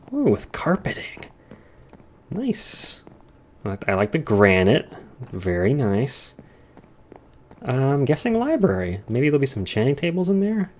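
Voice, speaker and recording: A man's voice: on the low side, a little mellow. A young man rambling casually while touring a Minecraft server, his voice strained and tired. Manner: rambling, chatty, easily sidetracked. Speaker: Minecraft let's-player. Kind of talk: casual rambling gameplay commentary.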